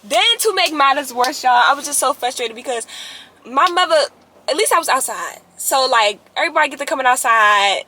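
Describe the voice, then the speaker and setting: A young woman, telling a story to her viewers in a casual, animated way, often rising to exasperated outbursts. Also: high-pitched, a little fast, a little hiss or hum. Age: young adult.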